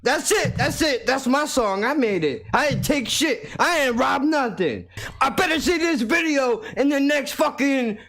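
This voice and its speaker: A man voicing a loud, cocky, unoriginal male mumble rapper who yells and brags. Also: extremely high pitch, lively intonation, unhurried, faint music behind, pitched above the performer's own voice, exaggerated voice. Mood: boastful. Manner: yelling, boastful, swaggering.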